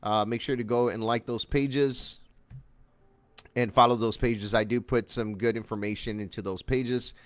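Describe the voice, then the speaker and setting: A man in the middle range of pitch walks through an online marketing tutorial in a loose, chatty way. He fills his talk with "uh" and greets viewers by name as he goes. His voice sounds close and dry, with no room echo. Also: fairly even intonation, normal speed, fairly bright tone. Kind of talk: casual screen-share tutorial.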